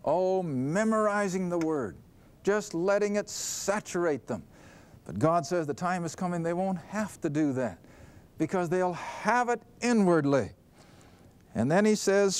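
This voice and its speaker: A man's voice: high voice, animated, unhurried. A man teaching a Bible study lesson, reading scripture aloud and putting earnest questions to his class. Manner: stresses words and reads scripture aloud.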